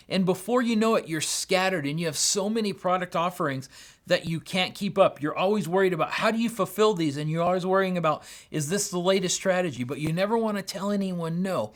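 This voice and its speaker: Energetic high-voiced male podcast host. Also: fairly quick. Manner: energetic, enthusiastic, conversational; acts out quoted dialogue in animated voices. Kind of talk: solo business podcast talk.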